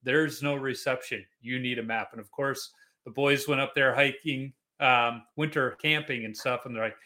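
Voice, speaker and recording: Bright-voiced male podcast host. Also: mid-range voice, normal speed. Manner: storytelling, animated quoting of family. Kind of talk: casual interview chat.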